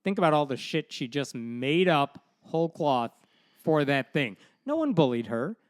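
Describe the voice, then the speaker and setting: Guy hosting a chatty podcast, kinda high voice, worked up and ranting, swears a lot. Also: normal speed, no room sound, clean studio sound. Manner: animated and indignant, with blunt swearing. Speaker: podcast host. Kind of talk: casual podcast discussion.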